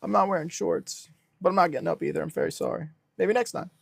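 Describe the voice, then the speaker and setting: Deadpan young male streamer, high voice, dry close sound. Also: fast, creaky, slightly rough, no echo. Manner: deadpan self-styled businessman persona. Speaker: livestream host. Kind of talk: casual livestream chat reading comments.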